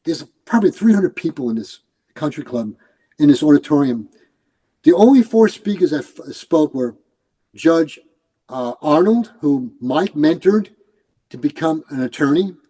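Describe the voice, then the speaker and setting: In a fairly high, husky voice at a moderate pace, this retired New York police commander spins stories during a relaxed interview. He is animated and performs the voices of the people he quotes, though the recording is rough.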